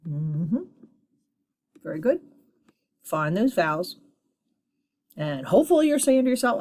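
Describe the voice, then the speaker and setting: A woman teaches a phonics lesson to young children with a patient, encouraging manner. Her voice sits fairly low and she speaks slowly, sounding each syllable out. She keeps praising and nudging her students along. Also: big pitch swings, mellow.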